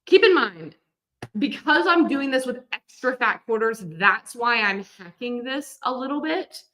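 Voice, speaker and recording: Woman in her 30s, livestream quilting teacher, bright voice, chatty and upbeat. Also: on the high side, animated, a little slow, a little hiss or hum. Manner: chatty and upbeat, talking viewers through steps. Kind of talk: live-streamed sewing lesson.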